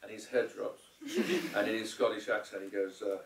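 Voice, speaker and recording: This fairly low-pitched man, a film director, speaks at normal speed during a post-screening Q&A in a cinema. He's a lively storyteller who acts out quotes, though he rambles, restarting and hesitating often. A distant mic in the roomy hall picks up faint ambience plus a little hiss or hum.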